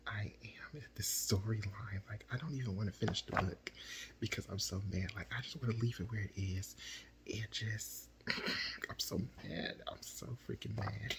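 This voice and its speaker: A man's voice: fairly low pitch, fairly even intonation, normal speed, poor audio. A man whispering through a late-night book vlog as a reviewer, repeating himself in exasperation. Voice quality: breathy whisper.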